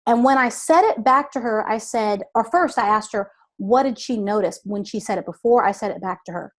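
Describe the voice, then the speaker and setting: Woman voice coach, a bit high, patient and deliberate, guest on an interview. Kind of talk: instructive interview talk.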